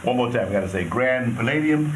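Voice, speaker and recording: A man's voice: medium pitch, animated, quick pace. A man vlogging casually from a resort balcony, joking and laughing in a laid-back way. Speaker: travel vlogger. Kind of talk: casual travel vlog chat. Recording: noisy outdoor ambience.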